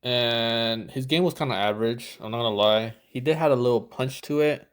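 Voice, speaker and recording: A man talking over a video as a dating coach, loose and rambling, with plenty of swearing. He keeps slipping into the lines he would say himself. His pitch sits in an ordinary middle range. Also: moderate pace, clean tone. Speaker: dating coach reviewing footage. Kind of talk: casual reaction commentary.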